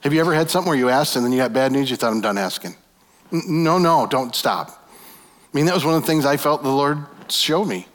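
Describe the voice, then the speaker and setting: A man's voice: fairly high pitch, quick pace. A man preaching a sermon, retelling a story vividly with many rhetorical questions to his listeners. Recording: long hall reverb.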